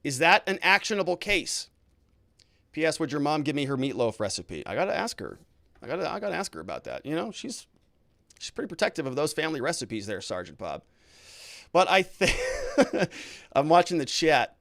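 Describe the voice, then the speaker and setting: Lawyer guy chatting on a livestream, lots of fillers, lively up and down voice, dry room. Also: on the high side, fairly quick, gravelly, no echo. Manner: conversational, hedging with fillers. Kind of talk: casual livestream commentary reading chat.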